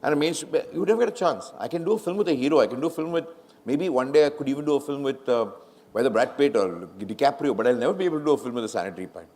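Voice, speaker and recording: A middle-aged man with an Indian English accent speaks in a mid-range voice at a very fast clip. He's a film director telling stories at a live fireside chat in a large hall, animatedly acting out the quoted conversations.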